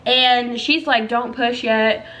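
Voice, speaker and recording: In a higher, bright, forceful voice with fairly even intonation, a young woman vlogger speaks slowly to the camera, with a little hiss or hum on the audio. She tells her own story chattily and emotionally, addressing viewers as "girl" and "y'all."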